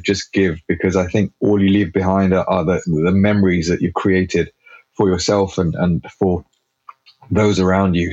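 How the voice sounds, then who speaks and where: A man chatting as a guest on a podcast, animated and talkative, with lots of fillers and restarts. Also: sits low, slightly rough, dry recording, muffled recording. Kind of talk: casual podcast chat.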